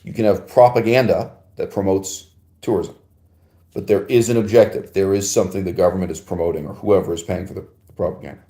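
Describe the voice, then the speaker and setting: A man's voice: sits low, fairly even intonation, fairly quick, warm tone, echoey room. A man hosting a podcast, answering a listener's email in a digressive, emphatic philosophical monologue with frequent laughs and rhetorical asides.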